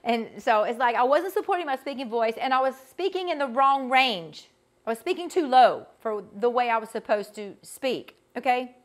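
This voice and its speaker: Brief: middle-aged Georgia woman, vocal coach, fairly high voice, chatty and folksy with her class. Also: lively intonation, moderate pace. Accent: Southern US, Georgia. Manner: chatty and folksy, addresses the group directly. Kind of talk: live teaching session.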